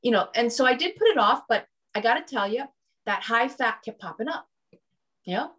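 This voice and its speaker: A woman's voice: on the high side, expressive, a little fast, fairly bright tone. A woman talking as a guest in a casual interview, chatty and often checking in with "right?" and "you know".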